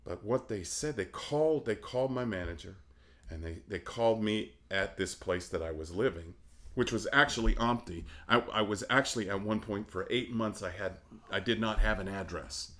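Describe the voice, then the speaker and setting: A man's voice: on the low side, normal speed. A middle-aged man, an opera singer, telling stories in a casual interview, acting out the voices of the people in them and laughing often. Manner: animated, acts out quoted voices, laughs often. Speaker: guest, opera baritone.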